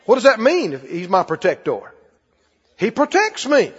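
A male preacher delivering a call-and-response sermon, with folksy phrasing and shouts on key lines. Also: high voice, huge pitch swings, moderate pace, slightly rough. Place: church sanctuary. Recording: lo-fi hall recording. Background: congregation responding.

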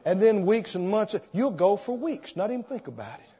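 A man preaching a sermon, telling an animated story and acting out the scenes as he goes. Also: high voice, normal speed, breathy edge. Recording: dull sound, long hall reverb.

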